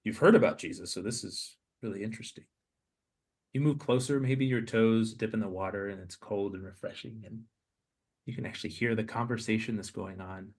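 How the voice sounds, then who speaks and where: A man hosting a podcast, leading listeners through a slow guided meditation with soft, hesitant restarts. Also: fairly low pitch, husky. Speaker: podcast host.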